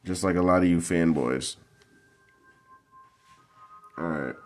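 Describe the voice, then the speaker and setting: A man's voice: deep voice, slow pace, soft background music. A man breaking down football game film in a heated, profane, combative rant. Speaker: football analysis vlogger.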